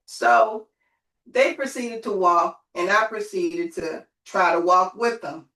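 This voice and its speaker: Woman telling a lively story, far off. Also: medium pitch, slow. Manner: lively storytelling, calls on listeners. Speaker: group host. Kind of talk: motivational group call talk. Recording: roomy, from off the mic.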